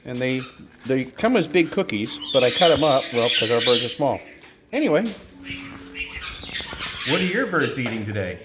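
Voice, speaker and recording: A woman's voice: big pitch swings, normal speed, pauses often, heavy background noise. A woman who keeps a bird sanctuary, chatting casually in a vlog and baby-talking to her pet birds in a bird room. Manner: coos and baby-talks to the birds, jumping to a high pitch. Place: indoor bird room with cages. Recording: loud squawking birds behind.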